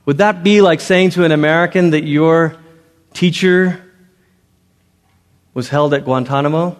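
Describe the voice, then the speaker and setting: A man's voice: fairly high pitch, moderate pace. Preaching man in a reverberant church. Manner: animated preaching, swinging from loud to hushed. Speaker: pastor. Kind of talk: sermon. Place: church sanctuary. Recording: long reverb of a large hall.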